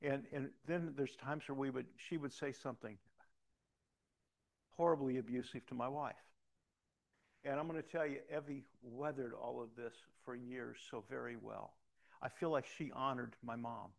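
A man's voice: medium pitch, steady tone, moderate pace, vocal fry. A middle-aged man preaching a sermon, telling personal stories with many restarts and rising to emphatic calls to the congregation. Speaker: pastor.

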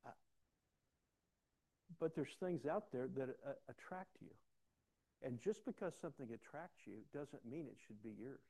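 A man's voice: medium pitch, animated, normal speed, pauses often, dark tone, breathy edge. An older man preaching a conversational sermon in a folksy, rambling way, often repeating words as he starts a thought.

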